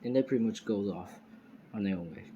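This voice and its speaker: A man's voice: on the low side, fairly quick, warm tone, highs cut off, slight background noise. A man improvising a fan story aloud, rambling with many fillers and restarts, recorded on a phone. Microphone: phone screen recorder.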